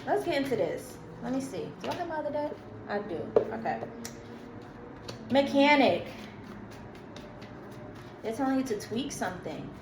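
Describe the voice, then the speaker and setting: A woman's voice: a little high, a little hiss or hum. Chatty woman tarot reader, echoey room. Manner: chatty, emphatic, slangy, laughs at herself. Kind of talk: casual tarot reading to camera.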